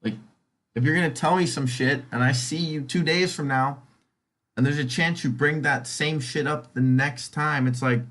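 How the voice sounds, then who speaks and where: A man's voice: on the high side, steady tone, normal speed, fairly bright tone. A young man hosting a casual solo podcast, rambling and swearing freely as he drifts between tangents. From California. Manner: rambling, profane, goes off on tangents. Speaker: podcast host.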